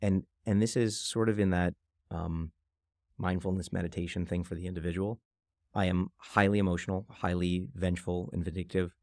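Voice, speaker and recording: A man being interviewed on a podcast, telling stories quickly and acting out what people say. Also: sits low, no room sound, studio quality. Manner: fast, animated storyteller who acts out quotes. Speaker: guest, venture investor.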